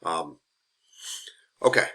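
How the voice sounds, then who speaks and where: A man's voice: extremely slow, a bit bright. A man teaching a massage therapy class in a classroom, speaking frankly and conversationally and repeating his key points. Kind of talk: classroom lecture.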